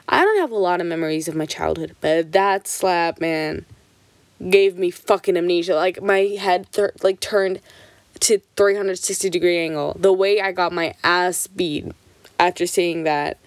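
A woman's voice: on the low side, dry recording. A young woman telling childhood stories in a casual vlog, swearing freely and filling her sentences with "like". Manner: swears freely, heavy on "like" fillers; animated, jumps between quick and drawn-out phrases. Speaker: vlogger. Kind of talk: casual storytelling.

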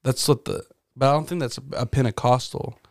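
A man's voice: mid-range voice, fairly quick, dry recording. Young male co-host. Casual, swear-heavy storyteller, dry close-miked sound. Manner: loose, profane storytelling with many fillers. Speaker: podcast co-host. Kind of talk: casual chat.

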